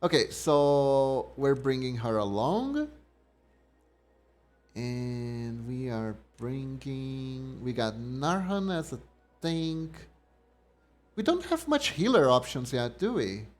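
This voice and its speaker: A man's voice: mid-range voice, very animated, slow pace, a little mellow. A young man streaming a game, musing to himself and reading the game text aloud. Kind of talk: casual game commentary. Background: faint game music.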